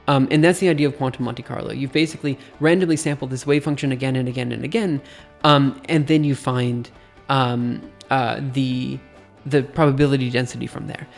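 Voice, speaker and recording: A man with a slightly gravelly voice talks through a physics idea on a livestream, thinking aloud and giggling at his own asides. Faint music plays quietly behind him. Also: medium pitch. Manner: chatty, giggly, self-deprecating, thinks aloud. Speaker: streamer teaching physics. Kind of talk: casual livestream explanation.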